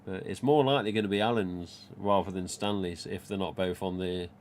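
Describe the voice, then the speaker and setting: A man's voice: low-pitched, steady tone, fairly quick, darkish tone, slight background noise. A man, hosting a casual live stream about collectible masks and reading viewer comments aloud in a rambling, chatty way.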